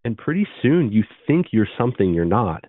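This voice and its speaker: A man in his thirties recounts his past in an earnest, brisk storytelling manner. His voice sits very low. The sound is dry and narrow, like it came down a phone line. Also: sing-song, no echo. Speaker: podcast guest. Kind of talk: storytelling interview.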